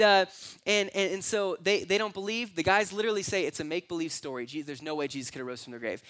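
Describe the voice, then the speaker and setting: A man's voice: fairly high pitch, pushed and bright. A young adult man preaching a conversational, earnest sermon as pastor, sometimes acting out voices in his stories.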